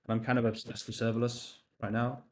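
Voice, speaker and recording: A man's voice: medium pitch, monotone, fast talker, a little mellow. A young man chatting casually on a live stream while coding, reading chat aloud, laughing and swearing now and then. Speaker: livestream host.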